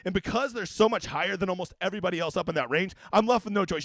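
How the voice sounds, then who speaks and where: A man's voice: high-pitched, racing, hardly any pauses, a bit bright, dry recording. A man hosting a casual fantasy golf livestream, talking in brash, profane, joking rants. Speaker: fantasy sports golf analyst.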